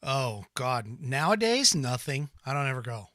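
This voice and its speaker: A middle-aged American man hosting a call-in podcast, chatting casually with quick asides and frequent restarts. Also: medium pitch, very animated, bright, forceful tone, dry recording. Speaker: podcast host.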